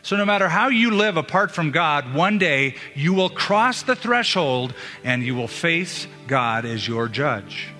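A man's voice: on the high side, big pitch swings, measured pace, hardly any pauses, bright, forceful tone, faint music behind. A male pastor preaching a sermon in an earnest manner, asking rhetorical questions of his listeners. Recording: long hall reverb.

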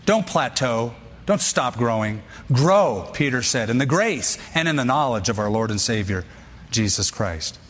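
A pastor delivering a sermon in short, emphatic, punchy lines. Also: male voice, medium pitch, animated, a little slow, a bit bright, in a large hall.

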